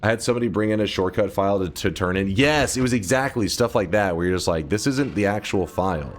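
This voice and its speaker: A man's voice: fairly low pitch, fast. A man streaming, telling a rambling, profane story in casual chat. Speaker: gaming streamer.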